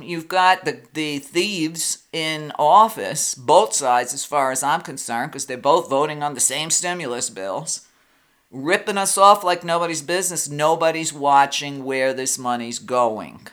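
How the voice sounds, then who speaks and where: A man's voice: fairly high pitch, a little slow, pushed and bright. A man who hosts his own show, talking bluntly and indignantly in a casual political chat. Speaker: talk show host.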